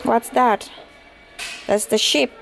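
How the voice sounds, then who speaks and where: A woman showing a baby a sound book, speaking in a gentle sing-song and imitating animal noises. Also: fairly high pitch, steady tone, slow pace, gravelly, over music. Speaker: caregiver playing with a baby.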